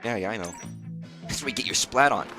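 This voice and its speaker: A man's voice: on the low side, animated, brisk, sharp tone, soft background music. A man giving casual, profane, rambling commentary while streaming a video game live. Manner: rambling, profane, restarts phrases.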